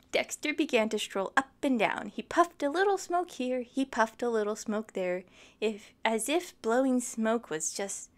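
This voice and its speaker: A woman's voice: fairly high pitch, vocal fry. A young woman reading a children's book aloud, chatting with her listeners between pages. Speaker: storytime reader.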